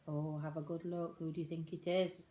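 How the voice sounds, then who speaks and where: A woman reading a picture book aloud to children in an animated, sing-song storytelling way. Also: sits low, normal speed.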